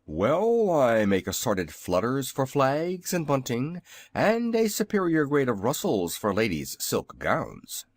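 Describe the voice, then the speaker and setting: A man voicing a very old male inventor who is polite, odd and courteous, speaking in a bright, sing-song manner. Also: mid-range voice, wildly swooping pitch, takes it slowly, no echo, heavily acted.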